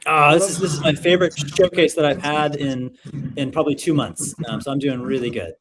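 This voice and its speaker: A man's voice: a little high, fairly even intonation, brisk, crowd noise. A man in his thirties hosting a casual online showcase over a video call, talking in an upbeat, rambling way with lots of fillers. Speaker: livestream showcase host.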